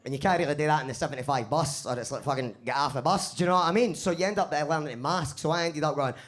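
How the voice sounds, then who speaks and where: A man with a Glaswegian accent performing a live stand-up set in a basement comedy club. He swears freely and talks in an animated way. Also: fairly high pitch, very fast. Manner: swearing, animated, laughs at own jokes.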